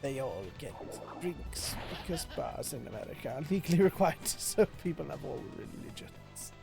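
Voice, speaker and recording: A man playing an evil galactic emperor on a live game stream, drawling every word slowly in a hushed, low voice. His voice sits a little high for a man. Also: creaky, music in the background. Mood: hushed menace. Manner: slow, low, hushed delivery.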